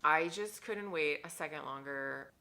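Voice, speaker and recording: A woman in her thirties talks straight to camera with a low, gravelly voice that still cuts bright and sharp. She is emphatic and a little scolding, leaning hard on stressed words, then dropping into near whispers. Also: measured pace. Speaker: mindset coach. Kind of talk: casual vlog monologue to camera.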